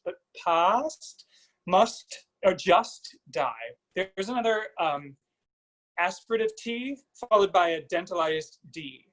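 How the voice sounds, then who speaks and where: A man's voice: sits high, animated, unhurried, a bit bright, poor audio. A man giving a singer vocal coaching feedback over a video call, singing short phrases to demonstrate.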